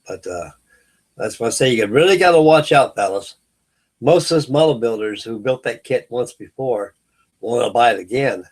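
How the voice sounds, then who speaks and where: A man's voice: medium pitch, moderate pace. Rambling middle-aged man telling stories. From California. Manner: rambling storyteller, many fillers and restarts. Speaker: host of a live hangout stream. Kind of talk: casual chat.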